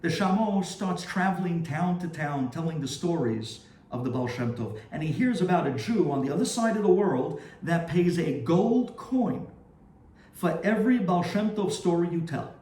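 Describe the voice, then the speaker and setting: A man, a rabbi, telling a story in a sermon with animated, dramatic delivery. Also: on the high side, normal speed, distant mic. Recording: roomy echo, faint ambience.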